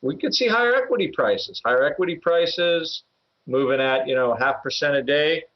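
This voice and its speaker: This podcast co-host, an options trader, speaks at a normal speed in a voice on the high side with lively intonation. His casual market talk about trades wanders, peppered with fillers and little chuckles. The audio sounds slightly muffled.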